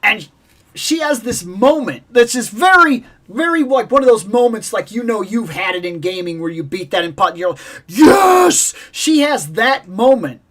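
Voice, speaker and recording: A woman hosting a toy collecting vlog, telling a lively, opinionated story about a video game and acting out its sounds. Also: medium pitch, normal speed, a little hiss or hum. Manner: animated, acts out game sounds and voices; passionate, opinionated about games. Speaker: toy collecting channel host.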